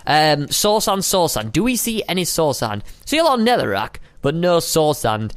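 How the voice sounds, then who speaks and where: A young man giving playful, chatty commentary while playing a survival game, now and then breaking into high squeals. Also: very animated, normal speed. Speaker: gaming video host. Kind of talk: casual gameplay commentary.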